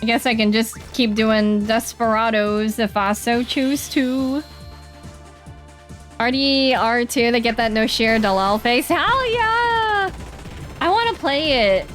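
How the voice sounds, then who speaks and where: A woman streaming a game, chatting casually and reading the dialogue aloud in quick playful voices. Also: a little high, fairly even intonation, soft background music.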